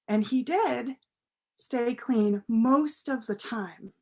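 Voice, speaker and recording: Slow, gentle woman telling a story. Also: fairly high pitch. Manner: gentle, expressive, unhurried. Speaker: story reader at a church service. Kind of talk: storytelling for all ages.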